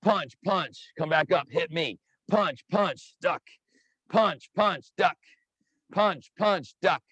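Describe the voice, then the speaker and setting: An energetic man coaching a live online workout class over a video call, counting down reps and calling out participants by name. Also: high-pitched, slow, slightly rough, no room sound, highs cut off. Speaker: fitness instructor.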